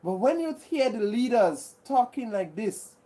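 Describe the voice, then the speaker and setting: Earnest woman hosting a livestream, mellow voice. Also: on the high side, sing-song, unhurried. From Grenada. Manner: earnest, repetitive, with many restarts. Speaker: livestream host. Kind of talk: live chat reading viewer comments.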